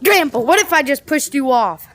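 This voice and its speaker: A woman's voice: high-pitched, animated, normal speed, background noise. A woman voicing a cheeky house cat who talks in slang, teasing and playful, as a comic voice-over for a pet video. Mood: baffled.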